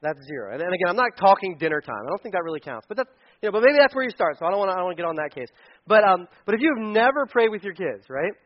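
Talking rapid-fire in a high voice with big swings in pitch, a pastor addresses parents in a relaxed, joking sermon. He plays out little scenes with funny voices, and the recording sounds dull and lo-fi.

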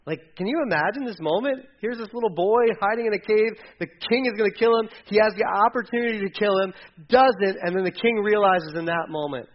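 A man's voice: sits high, brisk, muffled recording. A man preaching a sermon in a church, retelling a story in a casual way and putting on voices for the characters. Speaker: pastor.

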